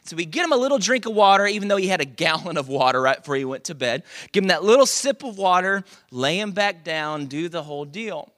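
A man's voice: high voice, expressive, quick pace, few pauses, a bit bright. A man preaching a sermon as pastor, conversational and joking, asking the congregation rhetorical questions.

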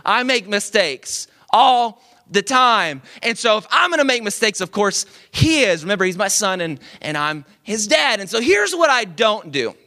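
Young guy pastor preaching on a mic, high bright voice, chatty and animated, lots of "right?". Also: normal speed. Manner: conversational, animated, with frequent "like" and "right?". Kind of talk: sermon. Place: church service. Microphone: speaking into a microphone.

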